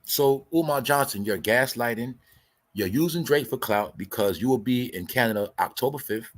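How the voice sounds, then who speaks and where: A male host with a lowish voice gives a heated commentary rant. He swears freely and argues hard, lecturing his audience. He hammers the same points over and over. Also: a bit bright, breathy edge. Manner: profane, combative, lecturing; repeats points for emphasis.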